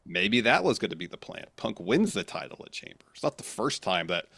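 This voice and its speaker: A man's voice: fairly low pitch, sing-song, a little fast, vocal fry, a bit bright, dry recording. A man co-hosting a podcast, thinking aloud about wrestling storylines in casual chat. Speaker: podcast co-host.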